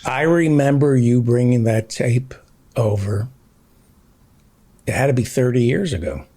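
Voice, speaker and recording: A middle-aged man hosting a podcast, reminiscing in casual chat and quick to laugh. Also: mid-range voice, mellow.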